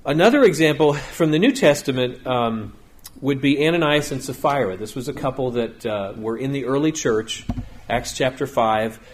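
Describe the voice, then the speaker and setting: A man's voice: mid-range voice, normal speed, a little hiss or hum. Conversational male preacher telling stories. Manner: conversational storytelling, acts out quotes. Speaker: pastor. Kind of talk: sermon.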